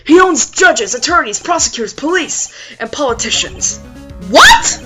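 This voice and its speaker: A worried, fatherly old lawyer with a Southern US drawl, put on by a woman speaks in courtly, old-fashioned phrases. The voice stays high and animated, with a bright ring. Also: measured pace, soft background music, full character voice. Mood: troubled. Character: older male lawyer, fretful and fatherly.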